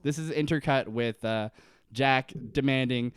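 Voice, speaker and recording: A man's voice: medium pitch, unhurried, clean tone, no echo. A man co-hosting a podcast, casually recapping a TV episode, laughing often and swearing freely. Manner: laughing, swearing, retelling scenes. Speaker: podcast co-host.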